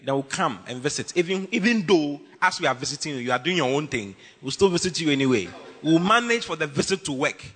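A man preaching a lively, humorous sermon as pastor, teasing his congregation with bursts of shouting. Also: a little high, fast talker, slightly rough, big-room sound.

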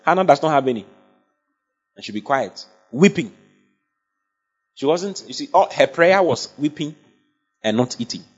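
Husky man preaching a sermon. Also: fairly high pitch, expressive, normal speed, long pauses. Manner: emphatic, asks the congregation for assent. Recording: dull lo-fi sound.

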